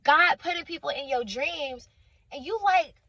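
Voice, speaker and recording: A woman with a high voice preaches informally and emphatically, driving points home by repeating lines and calling her listener honey and sweetheart. The sound is dry, with no room echo. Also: unhurried, bright, forceful tone. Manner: emphatic, repeats phrases for stress. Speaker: Christian faith speaker.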